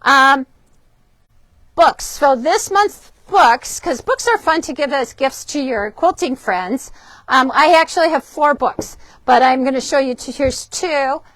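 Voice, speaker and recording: A woman hosting a shop's live quilting show, chatty and upbeat, often pausing with ums as she shows fabrics and books. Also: high voice, expressive, a bit bright, no echo. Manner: chatty, upbeat, frequent ums and self-corrections. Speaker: shop host presenting fabrics and books. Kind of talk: casual product demo for a live stream. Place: indoors in a fabric shop.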